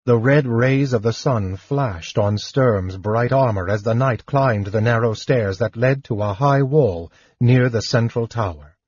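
Slow, husky-voiced male audiobook narrator. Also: mid-range voice, dry recording, highs cut off. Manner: measured, even storytelling.

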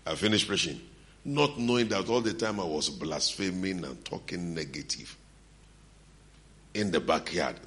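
A middle-aged male preacher with a low voice and a bright, forceful edge. He tells stories from the pulpit and acts out the lines of the people in them. He laughs now and then between lines. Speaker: pastor. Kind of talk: sermon.

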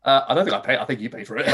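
A man hosting a podcast, telling a story in a lively casual way, swearing freely and acting out his own reactions. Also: mid-range voice, husky. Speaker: podcast host.

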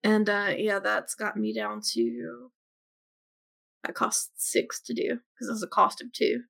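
A woman's voice: mid-range voice, expressive, takes it slowly, creaky, a bit bright. A woman playing in a tabletop game, chatting casually and a little self-deprecating. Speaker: player.

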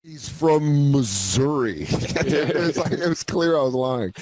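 A man's voice: fairly high pitch, slow, a little mellow, no room sound. A man co-hosting a podcast, telling laid-back childhood stories in casual chat. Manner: laid-back storytelling, says "dude" often. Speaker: podcast co-host.

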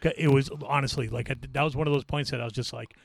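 Guy guesting on a podcast, blunt and swears a lot, just tells it flat, dry close sound. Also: mid-range voice, rapid-fire, creaky, no echo. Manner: blunt, profane, matter-of-fact storyteller. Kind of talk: casual chat, storytelling.

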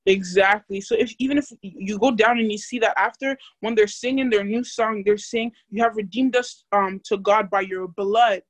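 A woman's voice: medium pitch, fairly even intonation, normal speed, hardly any pauses, no room sound. Chatty young woman teaching Bible study. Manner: chatty, many fillers, questions to the group.

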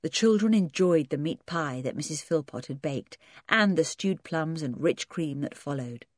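A woman narrating a children's audiobook in a measured, clear reading. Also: low voice, lively intonation, dry recording, clean studio sound. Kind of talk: storybook narration.

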